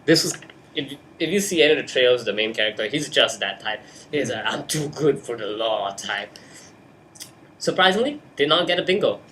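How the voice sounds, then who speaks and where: A man's voice: mid-range voice, animated, a little fast, pushed and bright, a little hiss or hum. A young man talking casually about a film into a webcam in his bedroom, hyper and jokey. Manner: hyper, jokey, breaks into silly put-on voices. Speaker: host. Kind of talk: casual movie chat.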